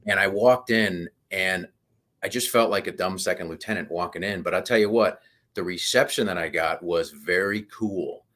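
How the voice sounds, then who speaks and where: A man in his fifties, a podcast guest telling animated stories in casual conversation. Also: deep voice, moderate pace.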